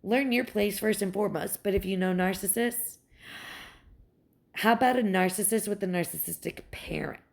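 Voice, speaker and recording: A young woman, a mother, in a heated and profane personal rant, sarcastic and quick to mock others. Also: mid-range voice, creaky. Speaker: mother venting about her ex's family.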